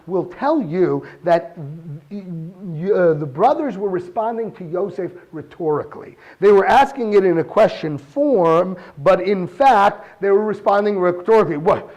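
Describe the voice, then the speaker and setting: A man giving a weekly Torah talk, reading verses in Hebrew and asking pointed questions in an animated way. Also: high voice. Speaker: Torah teacher.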